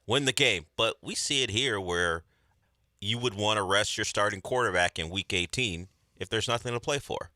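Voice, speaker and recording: A man co-hosting a sports radio show in a studio, explaining his views in a measured, thoughtful way. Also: on the low side, sharp tone, no room sound. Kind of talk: casual sports radio chat. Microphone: studio microphone.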